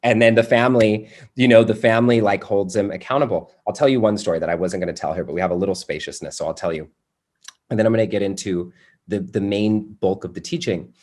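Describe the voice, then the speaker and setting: A young adult man teaching a workshop, telling a family story in a loose, animated way with many fillers like "you know" and "like". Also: lowish voice, quick pace. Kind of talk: personal storytelling in a workshop talk.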